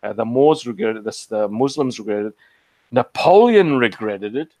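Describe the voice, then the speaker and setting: A man's voice: medium pitch, lively intonation, normal speed, a little mellow, no room sound. A man from Portugal with an Australian accent, talking bluntly and profanely in a casual online group chat, sometimes stopping to search for words.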